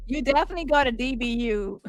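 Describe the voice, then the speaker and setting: A woman's voice: sits high, expressive, quick pace, soft background music. A woman hosting a reaction commentary stream on a phone, mocking and sarcastic as she reacts in disbelief. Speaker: commentary show host.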